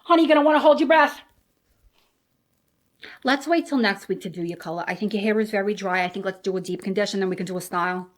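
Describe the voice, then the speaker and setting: A woman's voice: medium pitch, fast, lightly acted. A woman playing a chatty hairdresser who fusses over a client and calls everyone honey, in a comedy sketch. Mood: fussing.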